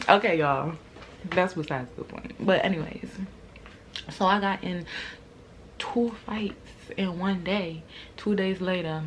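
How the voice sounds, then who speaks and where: A young adult woman vlogger telling a storytime to camera in casual slang, acting out other people's lines and laughing often. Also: slight background noise. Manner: animated, acts out quoted lines with big jumps in pitch and loudness.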